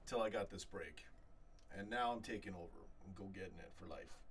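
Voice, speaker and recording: A man hosting a live fan chat stream, reading out viewer comments in an animated, rambling way full of restarts. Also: lowish voice, recorded from a distance, a little hiss or hum. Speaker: fan channel host.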